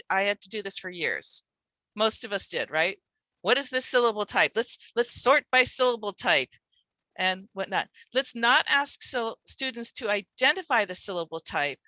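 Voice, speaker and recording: A woman's voice: mid-range voice, bright, forceful tone, no room sound, low-quality recording. A middle-aged woman leading a teaching workshop, explaining in a conversational way with rhetorical questions. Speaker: literacy teacher trainer.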